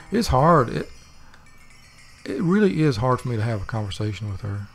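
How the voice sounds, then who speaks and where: A man, hosting a let's play and rambling wryly while he plays, thinking aloud with plenty of fillers. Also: medium pitch. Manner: meandering, wry, thinks aloud with many fillers. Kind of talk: rambling gameplay commentary.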